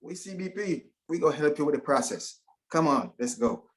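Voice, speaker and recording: Man putting on a cheery high-voiced border officer. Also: lively intonation, moderate pace, lightly acted. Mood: welcoming. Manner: upbeat and welcoming. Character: friendly male border officer greeting a traveler. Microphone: video call.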